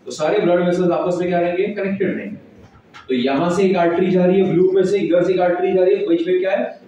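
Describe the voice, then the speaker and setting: A man's voice: high-pitched, fairly even intonation, racing, mellow, far from the mic, highs cut off. A male biology teacher with an Indian accent, lecturing a class and firing questions at the students. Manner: quizzes students, mixes English, Hindi and Marathi. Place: large echoey classroom. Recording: echoey room, voice off-mic.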